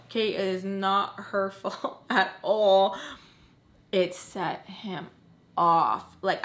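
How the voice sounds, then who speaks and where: A woman's voice: lowish voice, fairly bright tone. A woman in her twenties telling a personal story to camera in a casual vlog, filling her talk with "like" and acting out what people said. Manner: chatty, heavy use of "like", acts out quotes. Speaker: storyteller vlogger.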